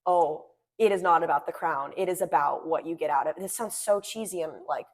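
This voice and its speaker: A teenage girl from Washington State, a pageant titleholder, telling stories in a chatty, animated way with lots of "like". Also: low-pitched, fairly quick. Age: teens. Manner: chatty, animated storytelling, frequent "like". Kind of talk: casual interview chat.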